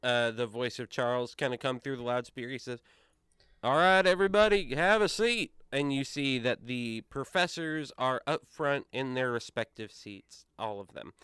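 A man running a tabletop game as game master, narrating in a relaxed, meandering way. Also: mid-range voice, moderate pace, hardly any pauses, clear, resonant tone, no echo, clean studio sound.

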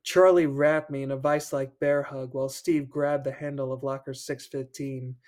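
A man's voice: mid-range voice, level tone, normal speed, a little mellow. A man hosting a podcast, reading a children's horror book aloud and breaking off for joking asides, laughing between passages. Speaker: podcast host.

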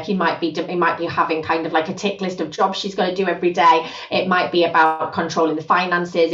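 A woman, a guest on a podcast, talking in a lively conversational way and acting out quoted voices. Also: fairly low pitch. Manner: animated, acts out quoted voices. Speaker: podcast guest, gender justice specialist. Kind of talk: conversational interview. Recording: roomy, distant, dull podcast audio.

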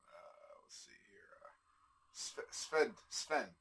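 A man co-hosting a comedy podcast, telling a rambling story in casual chat, halting with fillers and chuckling as he goes. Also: a bit bright, in a whisper.

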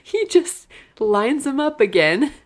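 A woman's voice: high-pitched, very animated, slow. A woman co-hosting a podcast, making incredulous, joking comments about a movie. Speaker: podcast co-host. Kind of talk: casual movie review chat.

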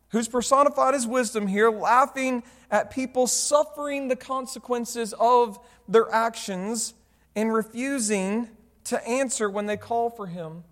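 A man preaching a sermon to his church, talking conversationally and asking the congregation rhetorical questions. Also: high voice. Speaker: pastor. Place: church sanctuary. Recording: long hall reverb.

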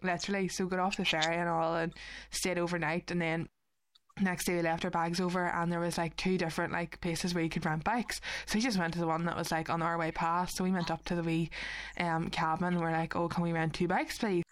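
A woman's voice: on the low side, fairly quick, a little hiss or hum. A Northern Irish woman in her twenties co-hosting a podcast, telling stories in casual chat and acting out what others said. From Northern Ireland. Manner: animated storytelling, acts out quoted voices. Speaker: podcast co-host.

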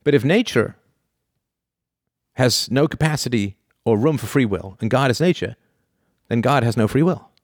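A man giving an animated philosophy lecture, full of rhetorical questions and laughing asides. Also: mid-range voice, moderate pace, pauses often, dry recording, clean studio sound.

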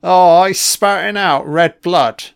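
A man's voice: sits high, takes it slowly, creaky, clear, resonant tone, no room sound, studio quality. A man giving a casual first-watch film commentary, reacting with profane, sarcastic remarks.

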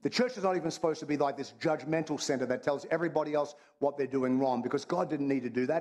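Speaking quickly with hardly any pauses, a pastor with a slightly high, darkish male voice preaches a sermon. His style is conversational and humorous, and he repeats phrases for emphasis.

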